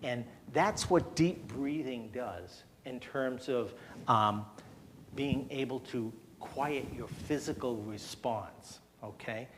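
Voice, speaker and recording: In a church hall, a man presents at a health seminar, demonstrating a breathing technique step by step and coaxing the audience to join. He checks in often with "okay?" His voice is mid-range and slow, with slight background noise.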